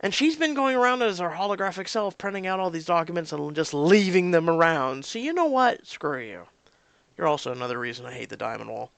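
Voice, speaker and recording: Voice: medium pitch, lively intonation, brisk, vocal fry, a bit bright, dry recording. A vlogger ranting casually about mobile story games, exasperated and swearing freely. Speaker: mobile game recap vlogger.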